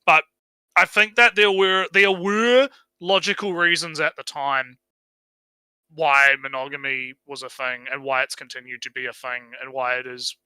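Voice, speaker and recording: A man's voice: a little high, level tone, moderate pace, sharp tone, smooth, dry recording, low-quality recording. A man with a New Zealand accent chatting casually on a stream, rambling, swearing and laughing as he talks. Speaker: podcast co-host.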